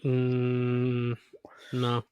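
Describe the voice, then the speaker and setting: A man co-hosting a casual podcast, speaking in short, low-key replies while the other host tells stories. His voice sits at an average pitch for a man and is recorded close and dry, with no room sound. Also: monotone, drawn-out words, warm tone, clean tone, dry recording. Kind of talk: casual chat.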